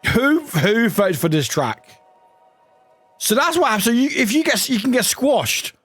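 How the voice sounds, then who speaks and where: Animated high-voiced streamer. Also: male voice, a little slow, breathy edge, no echo, faint music behind. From United Kingdom. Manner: animated and chatty, laughs often, exclaims loudly. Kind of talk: casual live-stream chat with viewers.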